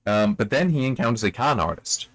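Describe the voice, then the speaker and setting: A man chats his way through a novel chapter, his voice sitting at an ordinary middle pitch. He rambles and trips over his own phrasing, now and then jumping into quick acted lines from the story. The sound is dry, with no room around it. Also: animated, fairly bright tone, no echo. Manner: rambling, self-correcting, acts out quoted characters. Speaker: book review host. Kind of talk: casual spoken book commentary.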